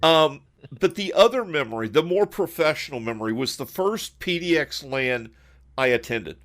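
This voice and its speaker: A man hosting an online podcast, telling stories in a casual, animated way with frequent laughs and quick asides over a voice call. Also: fairly high pitch. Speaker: podcast host. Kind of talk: casual storytelling chat.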